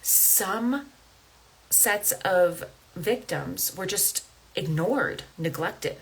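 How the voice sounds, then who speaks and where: A woman's voice: medium pitch, lively intonation, drawn-out words, creaky, husky, low-quality recording. A woman in her thirties hosting a coaching podcast, talking earnestly and conversationally and checking in with "right?" and "okay?". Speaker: life coach and podcast host. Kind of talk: casual podcast monologue.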